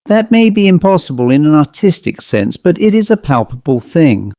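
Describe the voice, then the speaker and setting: A man reading aloud and voicing an excitable, petulant young spinster woman in a high, fussy manner. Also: normal speed, no room sound. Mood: flustered. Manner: high, fussy, breathless delivery.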